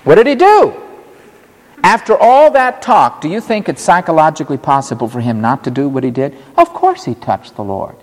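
Animated male preacher in a reverberant hall. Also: fairly high pitch, moderate pace. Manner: emphatic, animated Bible exposition. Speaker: pastor. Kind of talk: sermon.

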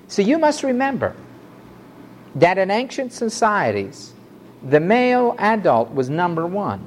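A man preaching a fiery sermon to a congregation, swinging from loud outbursts to low, quiet asides. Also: big pitch swings, normal speed. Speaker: pastor.

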